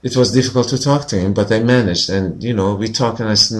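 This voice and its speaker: A man with a fairly low voice tells his own story as an interview guest. He speaks earnestly, leans often on "you know", and grows animated when he talks about feelings. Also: fast talker, few pauses. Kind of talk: personal storytelling in conversation.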